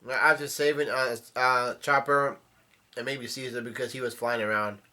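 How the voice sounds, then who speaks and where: A man giving a casual, halting recap of a comic chapter, often restarting his sentences as he retells scenes. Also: medium pitch, fairly even intonation, sharp tone. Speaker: manga chapter reviewer.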